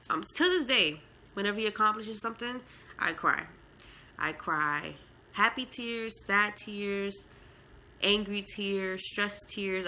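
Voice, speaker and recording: A woman's voice: mid-range voice, sharp tone, slight background noise, poor audio. A mother telling her own story in a casual vlog, heartfelt and emotional, with many fillers. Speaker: mother and vlogger.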